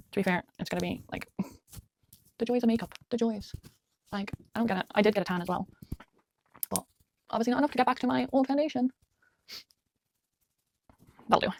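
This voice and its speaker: A woman's voice: medium pitch, a little hiss or hum. A woman chatting casually at home while doing her makeup, muttering little asides to herself as she works. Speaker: beauty vlogger. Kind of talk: chatty get-ready-with-me talk.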